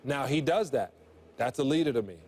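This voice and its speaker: A man's voice: mid-range voice, animated, brisk, darkish tone. A man in his forties on a sports talk show, giving his view earnestly and rambling through restarts. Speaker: sports analyst.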